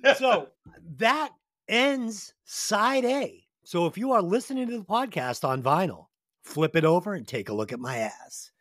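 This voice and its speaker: A man hosting a podcast with a high, lively voice that swings up and down as he jokes and swears through his stories. The sound is dry and close to the mic. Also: moderate pace, no room sound. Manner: profane, joking, animated storytelling. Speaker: podcast host. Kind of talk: casual podcast chat.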